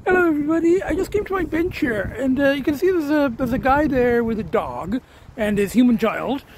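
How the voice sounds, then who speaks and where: A man with a very high-pitched, expressive voice vlogs casually through his day, outdoors around town, on a restaurant patio and in a store. He talks a little fast, rambling with lots of fillers and restarts and chuckling often, over background noise.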